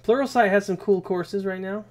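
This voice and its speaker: A young man with a somewhat high voice for a man hosts a live Q&A stream, talking at normal speed in a loose, rambling style. He's energetic and swears casually along the way.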